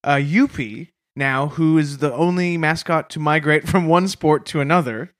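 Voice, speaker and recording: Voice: medium pitch, normal speed, fairly bright tone. A comedy podcast co-host bantering with dry, mock-solemn asides.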